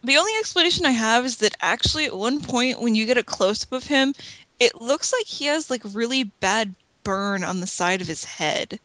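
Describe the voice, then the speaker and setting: A woman chats bluntly and swears freely as a podcast co-host. Her voice is bright and a little high. The recording is dry. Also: lively intonation, normal speed, dry recording, poor audio. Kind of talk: casual chat.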